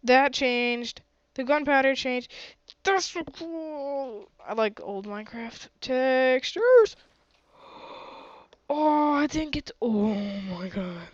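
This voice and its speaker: A woman's voice: high-pitched, very animated, slow, dry recording, muffled recording. A woman streaming a game with a sore throat, chatty and often gasping and exclaiming. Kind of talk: casual gaming commentary.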